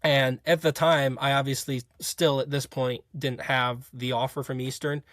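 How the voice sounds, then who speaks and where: This young man's mid-range voice is flat and fairly bright, moving at a moderate pace, recorded at studio quality with no room sound. A college football player guesting on an interview, he tells his story casually, rambling with many fillers and restarts.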